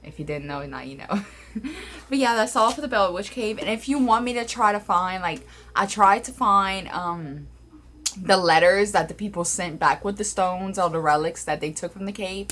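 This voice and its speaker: A woman's voice: mid-range voice, normal speed, fairly bright tone, slight background noise. A young woman telling a paranormal story in a casual vlog, rambling with many fillers, recorded on her phone. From Louisiana, USA. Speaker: paranormal vlogger. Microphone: phone camera.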